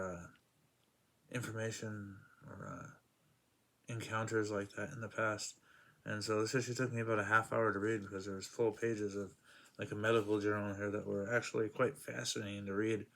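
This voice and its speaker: A man with a low, gravelly voice talks through comic book reviews in a loose, rambling way. He retells the plots at length and fills his pauses with "uh" and "like.". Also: fairly bright tone. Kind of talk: casual spoken review.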